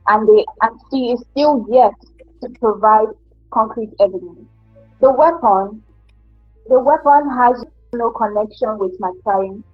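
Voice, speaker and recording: Woman as insistent defense lawyer, high husky voice, dry dull sound, faint music. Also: dry recording. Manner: insistent, repeating phrases, formal. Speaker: defense attorney in a mock trial. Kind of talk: student courtroom role-play.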